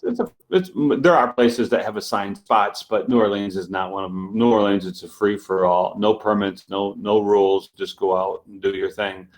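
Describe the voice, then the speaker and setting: A man's voice: on the low side, normal speed, hardly any pauses. A man, a street magician, telling a story in a casual interview, acting out the other people's lines as he goes. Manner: animated storyteller acting out dialogue.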